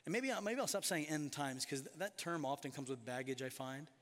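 High-voiced preacher in a reverberant hall. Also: male voice, animated, a bit bright. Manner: emphatic preaching with slowed, stressed phrases. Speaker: pastor. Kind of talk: sermon. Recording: long reverb of a large hall.

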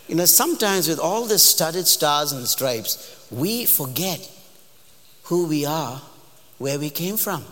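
An animated man preaching a sermon, his voice sitting a little high as he drives each point home with emphasis. He swings between playful asides and earnest pleas. A long reverb from the church hall trails every phrase. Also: slow pace, a little hiss or hum.

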